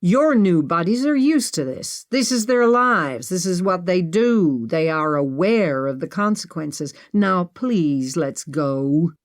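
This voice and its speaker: A woman's voice: lowish voice, animated, takes it slowly, hardly any pauses. A woman narrator voicing a worn-out, impatient man who pleads and snaps. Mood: exasperated. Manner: exasperated, pleading.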